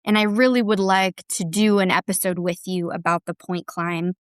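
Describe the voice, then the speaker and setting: A woman's voice: lowish voice, fairly even intonation, moderate pace, clear, resonant tone, dry recording, studio quality. A woman speaking as a park ranger guest on a podcast, telling stories in an earnest, enthusiastic way. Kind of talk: casual chat.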